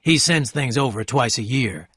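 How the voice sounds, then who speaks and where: Brief: eager, dreamy rich young gentleman, friendly, mid-pitched voice, read by a man. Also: lively intonation, normal speed, breathy edge, dry recording, clean studio sound. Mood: wistful. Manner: friendly, calls listener "old sport".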